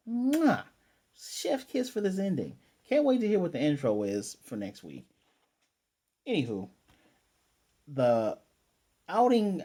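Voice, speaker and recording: A man giving a casual, chatty recap and review of an anime episode, acting out characters' lines in quick asides. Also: medium pitch, warm tone. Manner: retells scenes with quick quoted character lines; chatty, with fillers and throat clearing.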